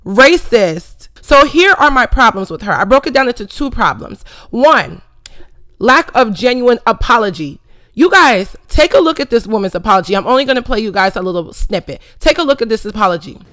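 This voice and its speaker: A woman's voice: on the high side, big pitch swings, normal speed, a bit bright, no room sound. Sassy young woman ranting, dry sound. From Philadelphia, USA. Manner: sassy, emphatic, roasting. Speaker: vlogger. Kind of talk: commentary rant.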